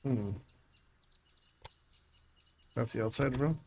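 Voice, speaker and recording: A man of average pitch narrating his own gameplay, thinking aloud and talking himself through each choice. He sounds scattered and annoyed, with mild swearing, over a faint background hiss. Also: slow pace, creaky, darkish tone. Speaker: let's play gamer. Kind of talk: casual gameplay commentary.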